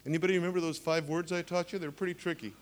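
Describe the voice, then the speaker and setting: A man in his sixties preaches with animated energy, his voice sitting a bit high as he tells stories and drops humorous asides to his congregation. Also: rapid-fire. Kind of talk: sermon.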